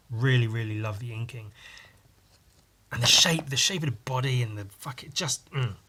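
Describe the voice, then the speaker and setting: This podcast host draws on stream while chatting and rambling, swearing easily and cracking himself up with his stories. His voice sits at medium pitch, pushed and bright, with a little hiss or hum in the audio.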